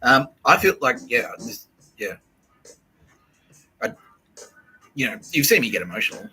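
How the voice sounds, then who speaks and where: A man's voice: medium pitch, very animated, unhurried, bright, forceful tone, breathy edge, soft background music, rough recording. A man hosting a podcast, talking in a profane, rambling way and often restarting his sentences. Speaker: podcast host. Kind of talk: casual rambling monologue.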